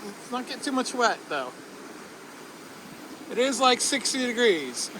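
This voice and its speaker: A man from the US Northeast chats casually through a theme park visit, excitable and quick to whoop on the rides. His voice sits high and swings widely in pitch. The outdoor recording carries plenty of park noise. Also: rough recording. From northeastern United States. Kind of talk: casual ride commentary.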